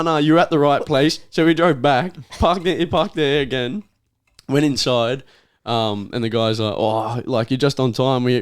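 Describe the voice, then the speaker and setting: A man's voice: medium pitch, smooth. A man, a podcast guest, telling a story in casual chat, laughing often and swearing.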